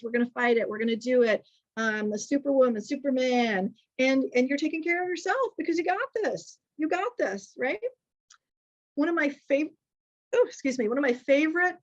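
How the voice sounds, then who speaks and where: A middle-aged woman, a speech pathologist giving a conversational presentation full of anecdotes, chatty and often restarting her sentences. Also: on the high side. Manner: chatty, lively, frequent restarts and self-corrections. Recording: dull lo-fi sound.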